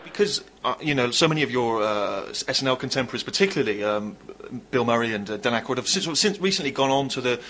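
A man's voice: mid-range voice, animated, fast, hardly any pauses, fairly bright tone, a little hiss or hum. A man interviewing a guest with eager, stumbling questions. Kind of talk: fan interview.

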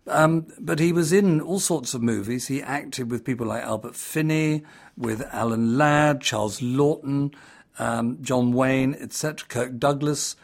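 A man's voice: mid-range voice, a little slow. A man giving a casual spoken talk in a chatty way, with fillers and small restarts. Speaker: presenter.

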